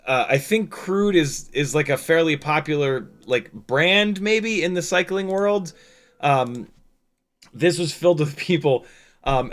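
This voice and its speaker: A man talking casually on a livestream, rambling over his footage with lots of fillers, restarts and the odd swear. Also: on the high side. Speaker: drone pilot and streamer.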